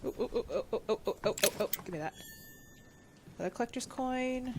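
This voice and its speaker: A woman streamer giving casual, excitable gameplay commentary and reading on-screen text aloud. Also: on the high side, a little fast, background noise.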